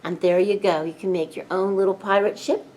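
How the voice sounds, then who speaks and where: A middle-aged woman presents a kids' snack craft in a playful, pirate-flavored way, speaking at an ordinary middle pitch. A faint hiss of background noise sits under her voice. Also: fairly even intonation, a little fast, darkish tone. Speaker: library staff presenter. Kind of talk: children's craft demonstration.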